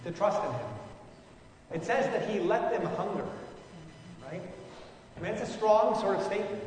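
A man's voice: high-pitched, lively intonation, normal speed, a little mellow, a little hiss or hum. A man leading a conversational Bible study, musing informally with frequent fillers and restarts. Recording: echoey hall from far off.

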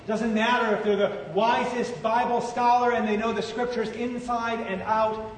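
A man preaching a sermon as pastor, slow and emphatic with dramatic pauses, recorded in a large church hall. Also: extremely high pitch, level tone, a little hiss or hum. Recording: echoey church hall, far-off mic.

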